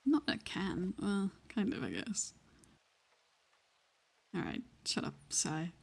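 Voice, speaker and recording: A woman's voice: on the low side, huge pitch swings, takes it slowly, creaky, darkish tone, husky. A Welsh woman playing in a tabletop role-play stream, chatting casually between scenes, laughing often, swearing freely and teasing. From Wales. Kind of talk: casual banter on a live stream.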